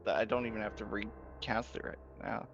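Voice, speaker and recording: A man's voice: on the low side, flat delivery, normal speed, creaky, a bit bright, dull audio, a little hiss or hum. A man playing a tabletop game, rambling and chuckling as he explains his moves. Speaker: player. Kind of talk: casual tabletop game chat.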